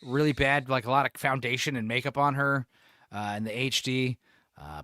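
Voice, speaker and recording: A man's voice: medium pitch, steady tone, moderate pace, pushed and bright, dry recording, studio quality. A man hosting a podcast, rambling and profane in casual chat, laughing often. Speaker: podcast host.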